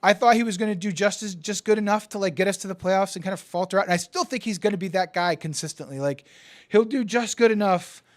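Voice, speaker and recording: A man co-hosting a casual sports betting chat, excitable and profane, often stammering and restarting, swinging from yelling to muttering. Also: high voice, fast. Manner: die-hard team fan, swings from yelling to muttering. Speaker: podcast co-host.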